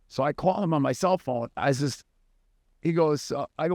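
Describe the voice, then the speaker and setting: A man with a notably high voice tells long, rambling stories as a comedy podcast host. The sound is dry and close, with no room echo. He talks loosely, in casual chat. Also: normal speed, a little mellow. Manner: rambling anecdotal storyteller.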